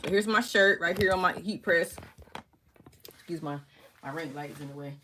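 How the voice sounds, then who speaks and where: A woman teaching a crafting tutorial in a casual, fast-talking way, often checking in with the viewer by asking "okay?" as she walks through each step from her home craft workspace. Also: lowish voice, pushed and bright, slight background noise. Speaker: crafting instructor. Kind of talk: casual screen-share tutorial.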